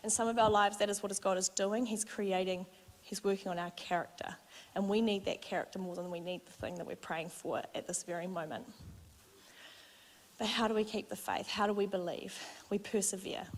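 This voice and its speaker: A woman's voice: medium pitch, moderate pace. Heartfelt New woman preaching in a reverberant hall. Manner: heartfelt, conversational storytelling with lively re-enacted exchanges. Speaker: church speaker. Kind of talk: sermon with personal testimony. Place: church auditorium.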